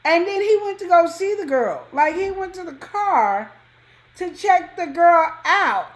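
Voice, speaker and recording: A woman casually telling a personal story on a talk show, acting out quotes with sudden high jumps in pitch. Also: measured pace. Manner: animated, acts out quotes with big pitch jumps. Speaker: co-host.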